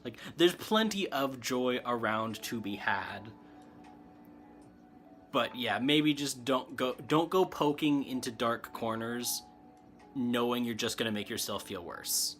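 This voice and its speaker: A man's voice: medium pitch, takes it slowly, a bit bright, soft background music. A man giving a casual, rambling tarot chat, answering comments and laughing often. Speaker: tarot reader and streamer. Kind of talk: casual spiritual chat, reading tarot cards.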